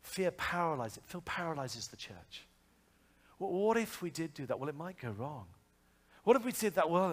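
A man delivers a sermon with an animated, chatty storytelling style, his voice riding high and swooping up and down as he poses rhetorical questions. The sound carries a long reverb, as if spoken in a large hall. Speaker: preacher.

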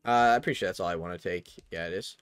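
A young man narrating a video game pack opening, excited and chatty, calling out each card and shouting over big pulls. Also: low-pitched, very fast, smooth, dry recording, faint music behind. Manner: hyped, shouts over big pulls, says "bro" a lot. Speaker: gaming YouTuber.

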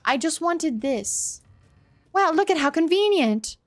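A woman's voice: extremely high pitch, lively intonation, slow pace. A woman streaming a horror game for the first time, reacting with startled curses and apologizing to the characters. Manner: jumpy, swears when startled, apologetic. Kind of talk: live gameplay commentary.

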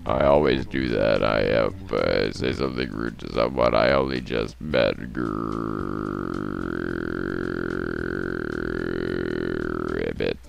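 A grumpy male frog from a cozy video game speaks far below a normal voice, gravelly and rumbling. He growls and croaks between lines. The delivery is slow and gruff. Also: highs cut off, faint music behind, heavily acted. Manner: gruff, growls "grrr, ribbit" as a tic.

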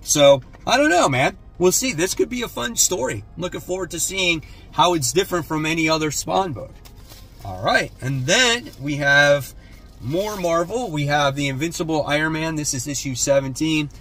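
A man's voice: medium pitch, a bit bright, husky. A man hosting a casual comic haul video, laid-back and blunt, often tacking "man" onto his sentences. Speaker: comic book channel host.

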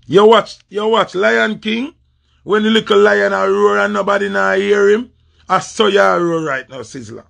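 A man's voice: sits high, moderate pace, vocal fry, a bit bright. A man with a Jamaican accent delivering a confrontational, repetitive rant in patois. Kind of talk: heated social media rant.

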